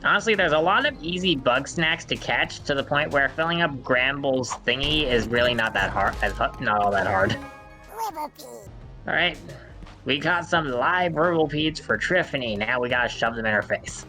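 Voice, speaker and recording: Bright-voiced man guiding a playthrough. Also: medium pitch, very animated, moderate pace. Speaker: let's play co-host. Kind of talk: casual gameplay commentary. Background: game music.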